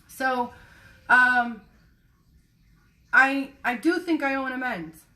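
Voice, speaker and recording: A woman with a bright, slightly high voice shares her feelings in a loose, candid monologue. She rambles and circles back as she reflects on herself, and drops an offhand curse without a second thought. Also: slow, long pauses. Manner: rambling, self-reflective, casually profane. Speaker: personal vlogger.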